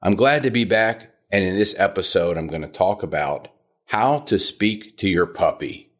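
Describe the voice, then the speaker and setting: A man hosting a podcast as a puppy trainer, talking in an instructive monologue and sometimes mimicking shrill dog owners. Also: expressive, moderate pace. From South Florida.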